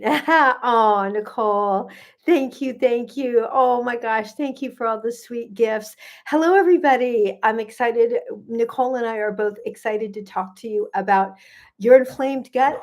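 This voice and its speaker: A middle-aged woman with a fairly high voice hosts a casual livestream, chatty and effusive. She greets each viewer by name and thanks them for being there. She speaks into a livestream microphone. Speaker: gut health coach hosting a livestream.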